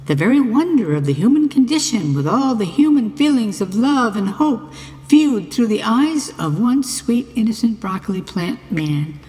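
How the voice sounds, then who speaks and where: A woman's voice: a little high, sing-song, normal speed, warm tone, big-room sound. A woman reading a scripted comic monologue in a mock-earnest, playful way. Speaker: narrator of a mock book trailer.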